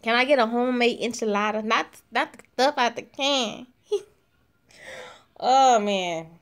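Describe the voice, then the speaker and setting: Slow, slangy, laughing woman chatting with viewers. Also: a little high, clear, resonant tone. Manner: loud, slangy, laughs often, talks to chat. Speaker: livestream host chatting with viewers. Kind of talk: casual chat reading live comments.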